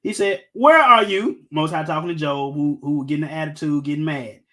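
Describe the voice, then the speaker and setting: A man's voice: fairly high pitch, steady tone, a little fast. A middle-aged man preaching an informal Bible-teaching sermon, emphatic, firing rhetorical questions and joking with his listeners.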